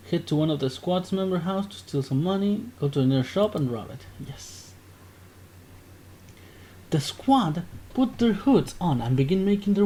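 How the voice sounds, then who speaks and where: A man's voice: sits high, warm tone, a little hiss or hum. A man casually narrating a text game aloud, often stopping to correct himself. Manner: casual, self-interrupting narration. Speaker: gaming video creator.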